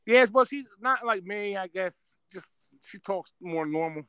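A man's voice: high-pitched, animated, measured pace, pushed and bright, smooth, dry recording. A middle-aged man with a New Jersey accent, talking brashly and with lots of swearing in a casual podcast chat. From Northeast US, New Jersey. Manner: brash, profane, boastful storyteller. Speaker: podcast guest, social media personality.

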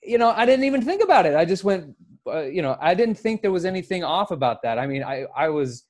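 Animated swearing male podcast co-host. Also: high-pitched, fast. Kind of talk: casual chat.

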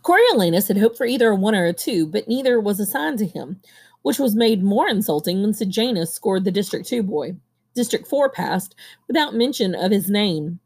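A woman reading a novel aloud at a steady pace, now and then pausing to correct herself. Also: mid-range voice, breathy edge. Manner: steady reading with occasional coughs and self-corrections. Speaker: audiobook reader. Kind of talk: amateur audiobook reading.

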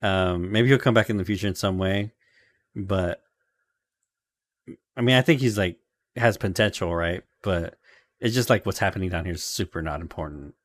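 Male podcast co-host, low register, rambling and laughing, dry close recording. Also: normal speed, pauses often, no room sound. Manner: rambling, laughing, heavy filler words. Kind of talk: casual recap chat.

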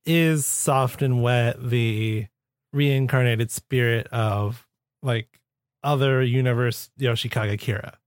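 A man's voice: medium pitch, slow pace, no echo, clean studio sound. A man co-hosting a podcast, chatting playfully and laughing easily. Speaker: podcast co-host. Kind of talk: casual podcast chat.

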